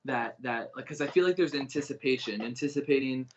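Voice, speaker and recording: A man giving a live online psychic reading, talking in a halting, searching way with many restarts. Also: medium pitch, dull audio, noisy background. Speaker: psychic medium reader.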